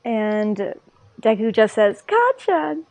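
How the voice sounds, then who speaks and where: Chatty high-voiced woman. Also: normal speed. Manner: chatty, animated, retells scenes. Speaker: podcast co-host. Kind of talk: casual anime discussion.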